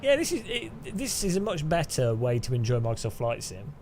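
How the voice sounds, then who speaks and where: A man's voice: medium pitch, huge pitch swings, fairly quick, darkish tone, slight background noise. A man talks to his live-stream chat while playing a game. He rambles, restarts sentences often, and laughs a lot. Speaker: gaming streamer.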